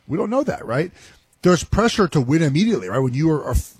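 A man's voice: on the high side, sing-song, fast, a little mellow, husky, dry recording. A man who is a former pro football player, giving rambling sports analysis and often tagging on "right?". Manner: rambling, keeps asking "right?".

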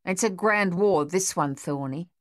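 A dry-witted gunner who delivers bleak jokes in a lowered, flat tone as a woman puts him on. It sounds close and dead, with no echo. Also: measured pace, natural voice. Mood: sardonic.

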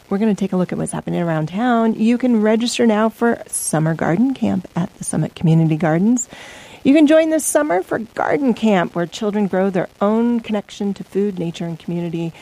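A woman's voice: medium pitch, mellow, low-quality recording. A woman radio host reading local community announcements in a casual way, with fillers and small stumbles. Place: radio studio. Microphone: studio microphone.

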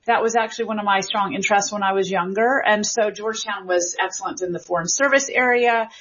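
A woman in her forties from Memphis talks as an interview guest, thoughtful and explanatory with small restarts. Her voice is somewhat husky and breathy. The sound is dull and muffled like an older broadcast. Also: medium pitch, fast talker, fairly bright tone. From Memphis, Tennessee. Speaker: linguistics professor, guest. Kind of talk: interview conversation.

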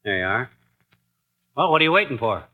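A man's voice: medium pitch, big pitch swings, brisk, narrow, tinny audio. An actor playing a brash, boastful middle-aged husband in a 1940s radio comedy, laughing at his own jokes. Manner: brash, laughs at own jokes, puts on a fake British accent.

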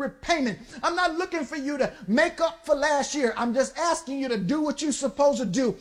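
High-voiced woman preaching with fervor. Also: expressive, brisk, few pauses. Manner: emphatic call-and-response preaching, rising to shouts. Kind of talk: sermon.

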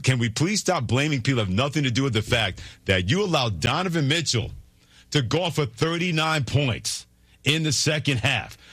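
A man hosting a sports talk show, delivering forceful, scolding commentary with heavy emphasis. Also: fairly high pitch, no echo.

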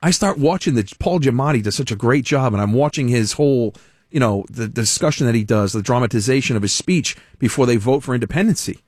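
A man's voice: medium pitch, animated, fast, darkish tone, no echo, studio quality. A man hosting a talk radio show, delivering a blunt, exasperated opinion monologue.

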